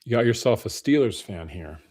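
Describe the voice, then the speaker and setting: A man's voice: on the low side, lively intonation, a little fast, darkish tone, husky. A man hosting a casual live stream Q&A, greeting viewers by name in a friendly way. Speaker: livestream host.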